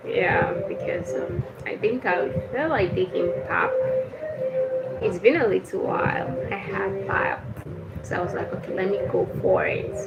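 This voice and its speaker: A woman's voice: mid-range voice, measured pace, lo-fi sound, loud music behind the voice. Chatty woman in an echoey room. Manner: chatty storyteller, laughs often. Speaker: livestream host. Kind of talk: casual livestream chat. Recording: echoey room with clear background noise.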